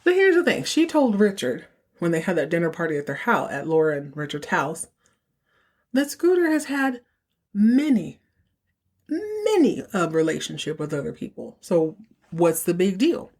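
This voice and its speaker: A woman hosting a podcast, telling the story of a TV episode in an animated, chatty way. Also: lowish voice, normal speed. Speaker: podcast host. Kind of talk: casual TV episode recap.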